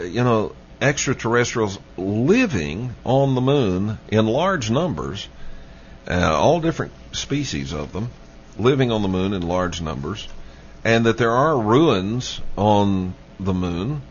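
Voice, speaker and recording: A man hosts a call-in radio show, taking his time and circling back to the same questions for his listeners. His voice sits on the low side, and his delivery is slow. The broadcast sound is dull and lo-fi, with a faint hiss underneath. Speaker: radio talk show host. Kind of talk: late-night call-in radio talk.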